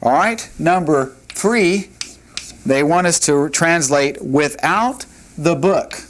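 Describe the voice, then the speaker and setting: Slow, patient male Hebrew teacher. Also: fairly high pitch, lively intonation, a little hiss or hum. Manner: slow, patient, sounds out words. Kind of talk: classroom lecture.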